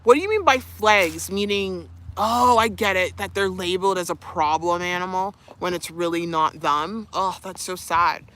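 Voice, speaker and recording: A woman's voice: fairly low pitch, normal speed, few pauses, fairly bright tone. A young woman streaming live, chatting casually, reading viewer comments, laughing often and cooing to her dog. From Canada.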